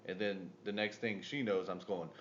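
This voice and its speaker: A married man co-hosting a casual podcast, swearing freely and rising into loud bursts when he retells a story. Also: sits low, fairly even intonation, brisk, muffled recording. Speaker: podcast co-host.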